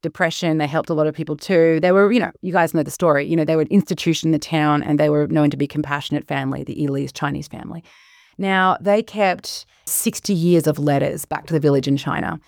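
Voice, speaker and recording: A woman, a guest historian, telling stories in a casual interview and acting out quoted voices with lively shifts. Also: deep voice, quick pace, no room sound, clean studio sound. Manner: animated storyteller, acts out quotes.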